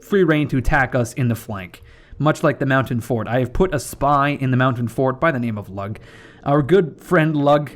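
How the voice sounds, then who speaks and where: A young gaming channel host talks casually through a strategy game playthrough in a mid-range voice at normal speed. He rambles, swears, and keeps correcting himself.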